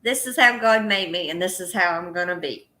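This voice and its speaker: A woman's voice: fairly low pitch, sharp tone, low-quality recording. A woman with a strong Southern accent, casually chatting on a livestream and reading out viewer comments. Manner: slow, drawling, reads out chat names. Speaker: co-host of a livestream.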